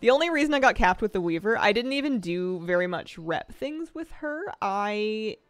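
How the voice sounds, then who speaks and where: A woman's voice: mid-range voice, animated, normal speed, no echo. A woman streaming a game, chatting casually with chat in a rambling way and laughing often. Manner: chatty, giggly, rambling asides.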